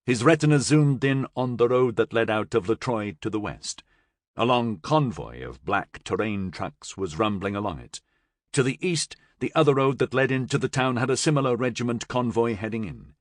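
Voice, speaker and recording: Expressive storytelling marks this male audiobook narrator's scripted reading. His voice sits in the mid-range and moves at a moderate pace, captured cleanly in a studio without echo.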